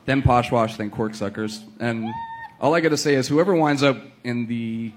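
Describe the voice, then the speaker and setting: A man's voice: medium pitch, normal speed, faint music behind. A man co-hosting a casual podcast chat, talking in a loose, rambling way. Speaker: podcast co-host.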